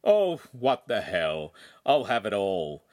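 A man's voice: on the low side, big pitch swings, slow pace, darkish tone, no room sound, studio quality. A man voicing an arrogant young swordsman villain, mocking and cruel in an audiobook. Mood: sneering. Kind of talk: audiobook narration.

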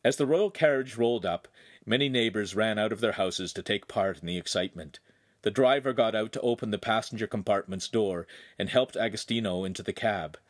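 A man reading a young adult novel aloud as its narrator, with expressive storytelling. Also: lowish voice, brisk, no echo, studio quality. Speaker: audiobook narrator. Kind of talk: scripted narration.

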